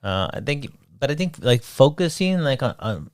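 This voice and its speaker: A man co-hosting a podcast chats casually but skeptically, pressing his co-host with questions. His medium-pitched voice is very animated at a moderate pace, captured with studio quality and no room sound.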